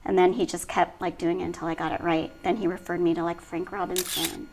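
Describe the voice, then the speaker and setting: Speaking a little fast in a lowish voice, this middle-aged style coordinator is a lively storyteller who laughs a lot during a casual interview. The recording quality is low.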